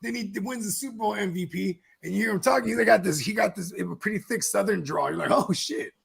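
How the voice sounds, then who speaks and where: A man's voice: high-pitched, quick pace, vocal fry, breathy edge. A man co-hosting a sports podcast, chatting casually and joking around. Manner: joking, animated, puts on voices for bits. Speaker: podcast co-host.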